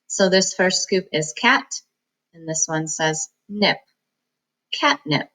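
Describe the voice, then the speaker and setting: A woman teaching a reading lesson, sounding out words slowly, syllable by syllable, for students. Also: fairly low pitch, lively intonation, a bit bright, poor audio. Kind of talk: phonics lesson.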